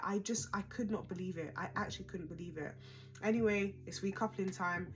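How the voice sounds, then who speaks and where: A woman's voice: mid-range voice, fairly quick, faint music behind. A young woman casually recapping a reality show, chatty, dramatic and exasperated.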